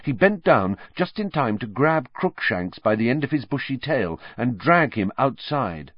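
Expressive male audiobook narrator, lowish voice, lively melody; dry, dull lo-fi recording. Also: unhurried, no room sound. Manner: expressive storytelling reading. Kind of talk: scripted narration.

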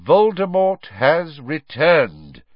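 A man voicing a calm, grave old male wizard who speaks steadily and insistently. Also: a little high, measured pace, dry recording. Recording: dry, dull lo-fi recording.

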